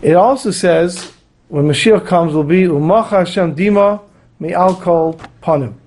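Higher-voiced man giving a Torah talk. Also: unhurried, darkish tone. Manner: earnest, storytelling with acted quotes. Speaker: rabbi teaching a weekly Torah class. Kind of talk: Torah lecture with storytelling.

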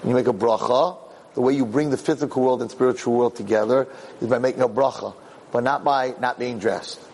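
A middle-aged man, a rabbi, giving a Torah class as an animated storyteller who repeats words as he restarts his sentences. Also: medium pitch, brisk, slight background noise.

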